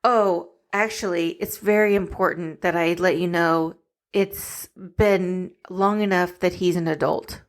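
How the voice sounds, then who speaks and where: A woman's voice: lowish voice, steady tone, measured pace. A young adult woman co-hosting a podcast in casual chat, giggly and teasing, with many restarts as she recaps a plot. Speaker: podcast co-host.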